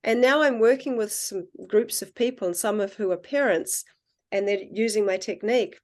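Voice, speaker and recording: A woman guest in casual conversation, telling animated stories and acting out the dialogue. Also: medium pitch, normal speed. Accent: non-American accent, self-described. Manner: animated storyteller, acts out quoted dialogue. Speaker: guest, water researcher.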